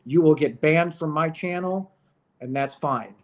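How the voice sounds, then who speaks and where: A man's voice: a little high, a little slow. Impassioned man ranting to his viewers. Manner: impassioned, ranting, repeats phrases. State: emotional. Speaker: channel host. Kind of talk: emotional monologue to camera.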